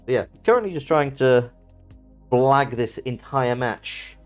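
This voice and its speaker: A man's voice: mid-range voice, lively intonation, takes it slowly, faint music behind. A man chatting casually on a live stream while playing a card game, self-mocking and trailing off with fillers.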